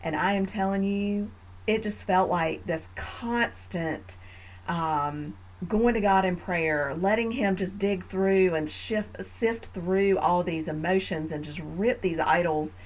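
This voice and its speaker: A woman's voice: on the low side, takes it slowly, rough recording. Earnest woman podcast host on faith. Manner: earnest, reflective, with frequent fillers.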